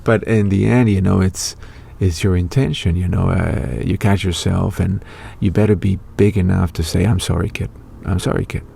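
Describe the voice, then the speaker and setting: A man's voice: low voice, fairly even intonation, moderate pace, vocal fry, hardly any pauses, mellow, husky. A middle-aged man hosting his own show, talking in a loose, rambling monologue full of fillers and restarts. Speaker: online show host. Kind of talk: casual spoken monologue.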